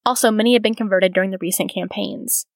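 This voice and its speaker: A woman's voice: mid-range voice, fairly even intonation, fast talker, gravelly, no echo. A woman hosting a podcast who reads from a biography aloud and adds earnest, reflective comments of her own. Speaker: podcast host.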